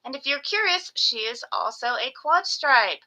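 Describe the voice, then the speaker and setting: A woman with a high, very bright voice, chatting casually on a live stream from home. She gushes and coos at her pets, slipping into baby talk between her explanations. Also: lively intonation, normal speed, rough recording. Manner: gushing, baby-talks to her geckos. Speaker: reptile breeder hosting a live sales stream.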